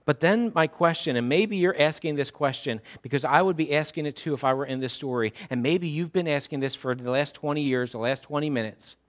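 A male pastor preaching a sermon in an animated, humorous way, putting direct questions to his listeners. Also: a little high, fairly quick, hardly any pauses.

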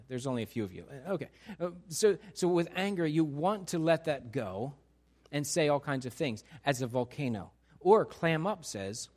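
A male pastor delivers a sermon to his congregation. His voice sits high, and he talks animatedly, putting on the voices of the people he describes. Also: normal speed. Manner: animated, acts out quoted voices. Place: church sanctuary.

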